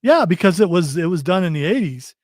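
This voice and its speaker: A middle-aged man hosting a podcast, chatting playfully about pop culture and firing off quick teasing questions. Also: high-pitched, very animated, darkish tone, no echo, studio quality. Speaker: podcast host. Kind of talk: casual pop-culture chat. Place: studio.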